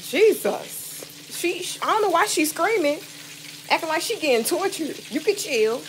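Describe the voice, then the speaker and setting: A woman's voice: very high voice, very animated, unhurried. A woman chatting casually to her viewers while she cooks in her home kitchen, filmed on a phone. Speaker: vlogger. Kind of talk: casual late-night cooking vlog. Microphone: phone camera. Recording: phone audio with loud frying noise. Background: sizzling frying oil and running tap.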